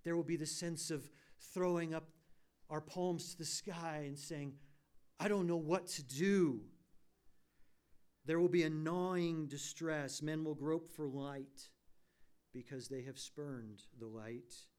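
A man's voice: fairly high pitch, fairly even intonation, a little slow, a little mellow, clean tone. A man preaching a sermon, posing rhetorical questions and rising to emphatic peaks. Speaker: pastor.

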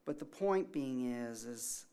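A man preaching a sermon in a conversational way, asking rhetorical questions and swinging between soft asides and loud emphasis. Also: medium pitch, lively intonation, takes it slowly, creaky, smooth. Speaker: pastor.

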